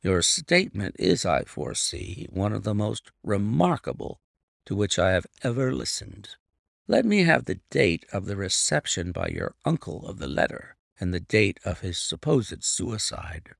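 Male reader playing a cool, precise Victorian detective for an audiobook, low and gravelly, formal and clipped. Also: very animated, dry recording, studio quality, full character voice. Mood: measured. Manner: formal, measured, commanding. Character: calm, precise male detective, middle-aged.

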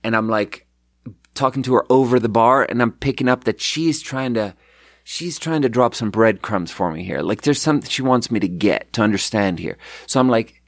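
A man hosting a podcast, telling rambling, animated anecdotes in casual chat. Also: medium pitch, moderate pace, dry recording, studio quality. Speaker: podcast host.

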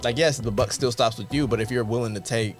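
A man in casual podcast chat, giving long, measured explanations full of "like" fillers. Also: mid-range voice, faint music behind. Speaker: podcast co-host.

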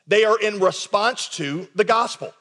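Male pastor, sermon, urgent and conversational, lightly high voice, long hall reverb. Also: a little slow. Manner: emphatic, swinging from quiet intensity to raised urgency. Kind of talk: recorded sermon.

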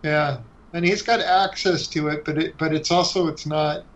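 Man, comic creator, loose halting chat; dull low-fi recording. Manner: relaxed, halting, many restarts and fillers. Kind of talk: casual podcast chat. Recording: dull lo-fi sound.

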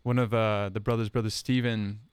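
A man's voice: fairly low pitch, flat delivery, fairly quick, smooth, dry recording. Friar guy in youth ministry telling stories, earnest, dry close mic. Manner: storytelling, earnest, repeats phrases for emphasis. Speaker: religious brother in youth ministry. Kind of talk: casual podcast conversation.

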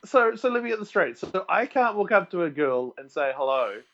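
A man's voice: sits high, sing-song, brisk, a bit bright, dull audio. A man with a New Zealand accent, a podcast guest telling playful stories and laughing often. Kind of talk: casual podcast chat.

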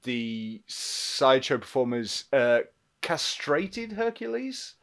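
A man co-hosting a podcast, chatting about a film in an animated way and readily agreeing with his partner. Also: medium pitch. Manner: animated, quick to agree and laugh along. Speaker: podcast co-host. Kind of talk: casual film discussion.

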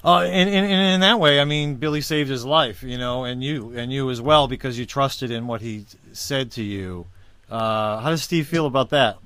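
Halting interviewer with a dry sound. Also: medium pitch, a bit bright, dry recording. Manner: hesitant, restarts while searching for words. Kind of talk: casual interview.

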